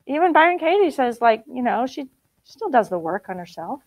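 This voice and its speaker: A woman's voice: high-pitched, sing-song, brisk, no echo, rough recording. A middle-aged woman teaching a spiritual group, blunt and emphatic, laughing often.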